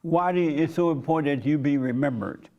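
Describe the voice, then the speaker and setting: Terse pastor firing short questions. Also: male voice, fairly high pitch, fast talker, darkish tone, muffled recording. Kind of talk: blunt questioning in a church session. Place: church meeting room.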